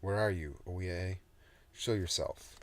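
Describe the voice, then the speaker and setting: A man voicing a brash, hot-tempered young woman captain in a read-aloud story, loud and cursing. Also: low voice, takes it slowly. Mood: angry.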